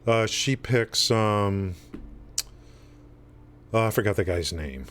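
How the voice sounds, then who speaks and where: A man's voice: fairly low pitch, lively intonation, slow, a bit bright, a little hiss or hum. A man hosting a live game stream, chatting loosely with his viewers, rambling with many restarts and fillers. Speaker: livestream host. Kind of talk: casual chat with stream chat.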